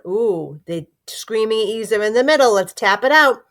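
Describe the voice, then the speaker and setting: A woman teaching phonics to young children, sounding out words slowly and encouraging them, sometimes dropping to a whisper. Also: on the high side, animated, fairly bright tone.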